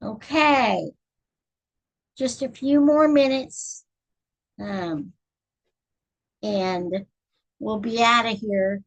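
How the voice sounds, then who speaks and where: Chatty woman on a slow live stream. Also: on the high side, low-quality recording. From Texas. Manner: chatty, counts stitches aloud while crocheting. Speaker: channel host reading books. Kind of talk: casual live-stream chat.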